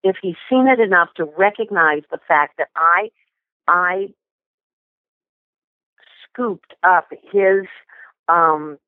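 A woman's voice: fairly low pitch, no echo. Older woman telling stories over a phone line. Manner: animated anecdotes with many restarts. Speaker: guest. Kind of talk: storytelling interview.

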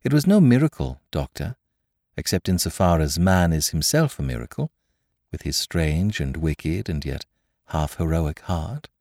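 A man putting on a cheerful, gentle little priest. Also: deep voice, big pitch swings, measured pace, no echo, clean studio sound, exaggerated voice. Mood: mild, amused. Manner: gentle, quietly amused, pleasantly reasoning. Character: cheerful small middle-aged male priest-detective. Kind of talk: audiobook character voice.

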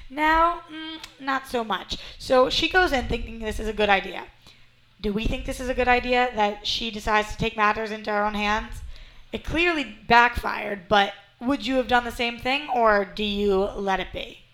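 A woman's voice: fairly high pitch, moderate pace, a bit bright, low-quality recording. A young woman co-hosting a casual TV recap chat, chatty and fond of rhetorical questions. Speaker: podcast co-host.

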